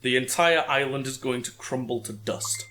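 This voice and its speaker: A man with a mid-pitched voice who answers briefly and giggles between his replies. He sounds offhand in loose podcast chat. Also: moderate pace, pushed and bright. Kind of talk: casual chat.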